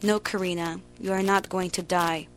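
A woman reading the lines of a gentle, caring young man who speaks softly and tenderly. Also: lowish voice, fairly even intonation, normal speed, close to an everyday voice, rough recording. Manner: soft, hushed delivery.

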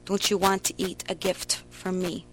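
A woman reading the lines of a gentle, caring young man who speaks softly and tenderly. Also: lowish voice, little pitch movement, normal speed, slight background noise, lightly acted, rough recording. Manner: soft, hushed delivery.

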